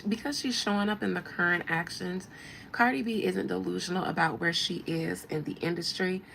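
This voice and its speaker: A woman's voice: lowish voice, vocal fry, pushed and bright, a little hiss or hum, rough recording. A woman hosting a show as a tarot reader, giving blunt, slangy, mocking commentary. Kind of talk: casual commentary.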